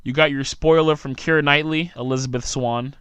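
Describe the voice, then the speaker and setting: A man's voice: on the high side, steady tone, brisk, fairly bright tone, smooth, dry recording, dull audio. A tired young man, hosting a solo podcast and ranting sarcastically in a rambling way. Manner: sarcastic, rambling rant with frequent asides. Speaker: podcast host.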